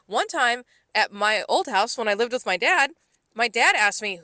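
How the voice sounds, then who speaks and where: Bright-voiced woman chatting on a podcast. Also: a little high, lively intonation, normal speed, a little hiss or hum. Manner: rambling storyteller, heavy "like" fillers, laughs often. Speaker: podcast co-host. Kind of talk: casual chat.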